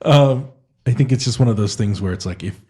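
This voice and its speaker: A man with a medium-pitched, mellow, husky voice talks fairly quickly while co-hosting a casual tabletop-gaming chat as podcast co-host and game master. He sounds hesitant and self-deprecating, restarting himself many times.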